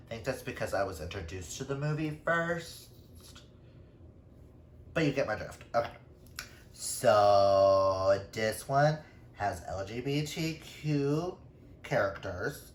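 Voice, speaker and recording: A man's voice: fairly low pitch, a bit bright. A man chatting casually through a book wrap-up, self-deprecating, with playful asides. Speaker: book reviewer. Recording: roomy echo.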